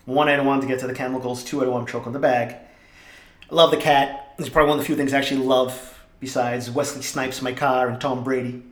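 A young man, hosting a podcast and telling stories in an animated, profane, jokey way. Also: medium pitch, fast, roomy sound. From Boston area. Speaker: podcast host. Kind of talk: casual storytelling monologue.

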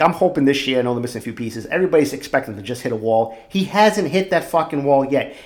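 Cursing, candid man in his forties. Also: a little high. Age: 40s. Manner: candid, swearing often, animated outbursts. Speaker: podcast host. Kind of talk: casual solo podcast monologue.

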